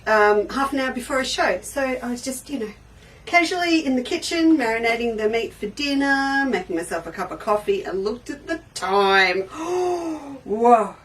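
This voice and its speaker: A woman's voice: a little high, expressive, moderate pace, far from the mic, poor audio. A woman hosting a casual quilting livestream, chatty and bubbly, greeting viewers one by one by name. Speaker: livestream quilting show host.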